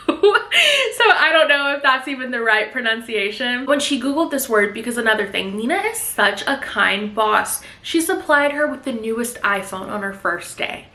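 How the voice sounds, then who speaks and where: A young woman recapping a novel in a chatty, animated way, with playful asides. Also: fairly high pitch, slight background noise. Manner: chatty and animated, slips into playful character voices. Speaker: book vlogger. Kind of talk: casual book recap. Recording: roomy echo.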